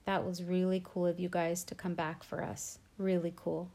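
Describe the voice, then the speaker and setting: A woman's voice: on the low side, little pitch movement, moderate pace, warm tone. Brief: woman reading as an eager, friendly boy, slightly raised voice, storybook reading. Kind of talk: audiobook reading.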